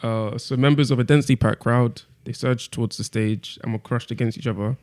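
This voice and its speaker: Young man, podcast host, casual chat, steady persistent questions, mid-pitched voice. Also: brisk. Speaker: podcast host leading discussion.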